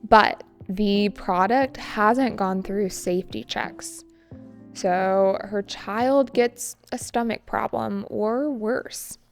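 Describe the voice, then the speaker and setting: A woman narrating a scripted English lesson, explaining words and where their stress falls in a slow, clear way. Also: mid-range voice. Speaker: English teacher. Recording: soft music underneath.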